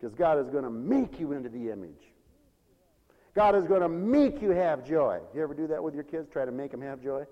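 Animated preacher guy, kinda high voice, swings loud to soft, laughs a lot, big echoey hall. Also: brisk, dull audio. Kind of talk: sermon.

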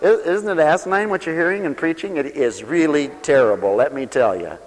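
A man's voice: fairly high pitch, brisk, in a large hall, poor audio. A man preaching a sermon in a folksy, sarcastic way, mocking others by imitating their voices.

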